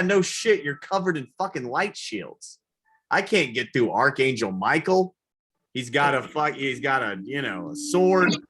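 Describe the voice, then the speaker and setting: Performing stand-up for a live comedy-venue audience, a man from the American South speaks with a medium-pitched, bright, forceful voice. His profane set leans on crowd work and drawn-out impressions.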